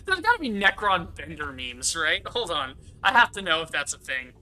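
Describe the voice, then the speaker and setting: Gaming streamer, man, fairly high, very bright tone, rambling and giggly. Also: huge pitch swings, unhurried. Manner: rambling, giggly, swears freely. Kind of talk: casual gameplay commentary.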